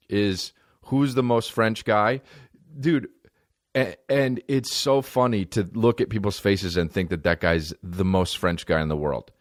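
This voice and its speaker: A man in his thirties hosting a podcast, riffing in a rambling, profane comedic monologue and mimicking people in high mocking voices. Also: dry recording, clean studio sound.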